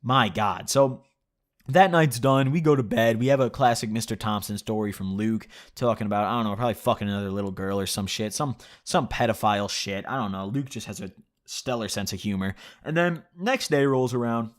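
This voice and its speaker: A man's voice: on the low side, a little fast. A young man tells a story at a loose, easy pace. He chuckles often and swears freely, and he fills his talk with "like" and "you know". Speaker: vlogger. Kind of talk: casual storytelling.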